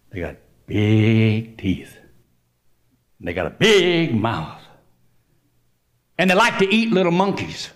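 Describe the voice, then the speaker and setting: A man voicing a stern mother monkey in a children's story, scolding and warning slowly. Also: mid-range voice, pitched below the performer's own voice. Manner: scolding, then slow and ominous.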